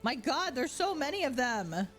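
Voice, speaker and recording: A woman streamer playing an online game, reacting excitedly and commenting aloud. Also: high-pitched, moderate pace, faint music behind.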